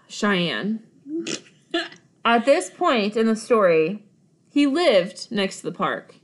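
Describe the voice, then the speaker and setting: A woman's voice: mid-range voice, big pitch swings, drawn-out words. A woman co-hosting a podcast, telling a personal story in an emphatic, dramatic way with frequent asides and laughs. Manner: laughs while talking. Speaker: podcast co-host.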